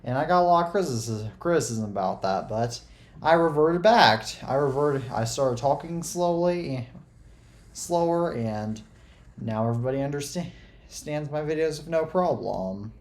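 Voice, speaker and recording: Halting, sarcastic podcast co-host. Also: medium pitch, lively intonation, darkish tone. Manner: halting, sarcastic, many restarts. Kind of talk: casual podcast chat.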